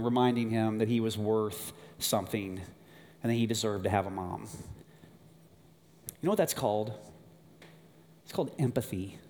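A middle-aged man preaching a sermon, telling a family story with animated moments, then turning hushed and earnest. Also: a little high. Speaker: pastor. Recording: long hall reverb.

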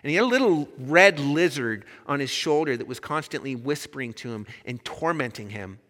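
Impassioned preacher in a reverberant hall. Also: male voice, medium pitch, animated, normal speed, a bit bright. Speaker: pastor. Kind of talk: sermon. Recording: long reverb in a large hall.

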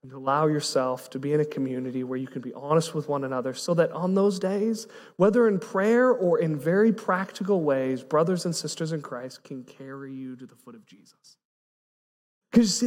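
A man preaching a sermon as pastor, impassioned, swinging between hushed and excited delivery. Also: a little high, a little fast, long reverb tail.

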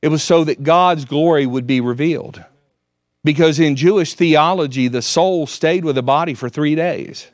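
A man's voice: fairly high pitch, normal speed, dry recording. A man preaching a sermon, earnestly quoting scripture. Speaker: pastor.

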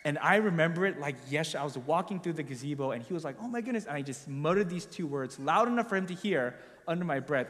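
A man's voice: a little high, long reverb tail. A young man preaching, telling a personal story in a casual, confessional way with lots of filler words.

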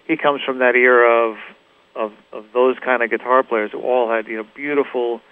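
A man's voice: mid-range voice, moderate pace, narrow, tinny audio. Middle-aged man telling rambling stories. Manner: relaxed, rambling anecdotes with many fillers and restarts. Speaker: guest musician, guitarist. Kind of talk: casual interview storytelling.

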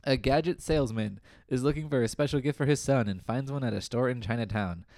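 A man's voice: medium pitch, a little fast, a little mellow, no room sound, studio quality. A young man co-hosting a casual podcast, teasing his co-host and laughing often.

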